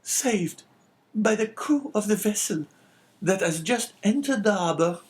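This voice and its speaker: A gentle young daughter speaks through tears, high and pleading, as a male audiobook reader puts her on. The voice is lifted far above his natural register, soft and imploring. A classic storybook reading. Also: lively intonation, a little slow. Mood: tearful. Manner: pleading, tearful. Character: tearful young woman, gentle and devoted daughter.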